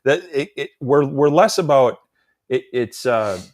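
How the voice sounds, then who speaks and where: A man's voice: mid-range voice, lively intonation, measured pace, no room sound, studio quality. A man from Minnesota with a Minnesotan accent, co-hosting a casual live stream, hesitant and wry, with frequent restarts. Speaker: co-host.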